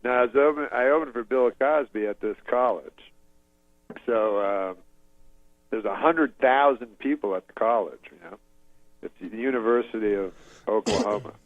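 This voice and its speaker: A man from Canada telling a rambling story in a deadpan, casual way, laughing at his own jokes, over a video call. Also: mid-range voice, normal speed, dry recording. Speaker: comedian guest. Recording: dull lo-fi dry sound.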